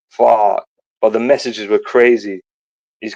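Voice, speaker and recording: Chill guy, gravelly low voice, telling stories and swearing a lot, dry muffled audio. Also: fairly even intonation, measured pace, dark tone, dry recording. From Isle of Wight. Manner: laid-back, swearing, laughing storyteller. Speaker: podcast co-host. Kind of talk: casual banter. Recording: dull lo-fi sound.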